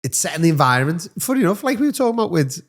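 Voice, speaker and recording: A man co-hosting a chat show, a former teacher who talks in a relaxed, reflective way and laughs along. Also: a little high, rapid-fire. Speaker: podcast co-host, former teacher. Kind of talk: casual chat.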